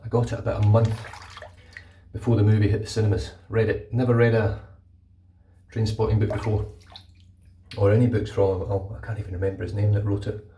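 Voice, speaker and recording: Shaving in a bathroom, a man vlogs in a loose, casual chat, swearing now and then, his lowish voice level, brisk and warm. Tap water runs behind him, and the audio is dull and echoey, with the mic at a distance and slight background noise.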